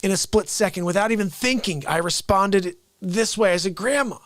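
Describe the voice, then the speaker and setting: A man hosting a live show, telling family stories casually, swinging from loud outbursts to hushed asides. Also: high-pitched, normal speed, no echo. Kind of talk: casual live-stream storytelling.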